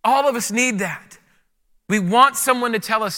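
A pastor with a high-pitched voice preaches an energetic, playful sermon at a moderate pace, peppered with casual slang. His sharp, bright voice rings through a large hall, trailing a long reverb off the walls.

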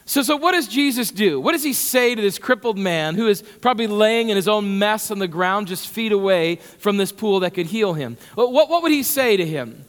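Casting: a high-pitched male pastor, chatty and animated, with a long hall echo. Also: moderate pace, few pauses. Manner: conversational, repeats words, gets animated. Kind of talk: sermon.

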